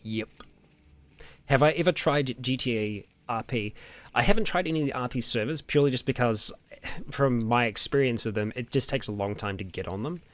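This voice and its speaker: A young man with an Australian or New Zealand accent hosts a roleplay channel, answering viewer questions in a casual Q&A chat. His medium-pitched voice is brisk, and he's relaxed and rambling, with lots of ums and small laughs.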